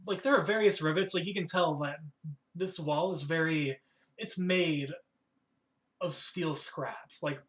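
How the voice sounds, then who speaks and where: A man's voice: fairly high pitch, unhurried, a bit bright. A man narrating a tabletop game as game master, rambling with lots of fillers.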